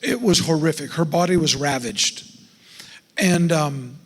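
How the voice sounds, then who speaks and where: At a measured pace, a middle-aged man with a high voice presents an estate planning seminar to a church audience in a folksy way. He poses questions to the listeners throughout, his words ringing with long reverb off the sanctuary walls.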